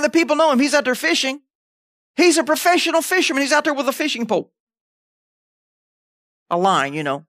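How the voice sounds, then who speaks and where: A man's voice: very high voice, fairly bright tone, dry recording, studio quality. A man preaching a sermon in a conversational way, checking in with the congregation as he goes. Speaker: pastor.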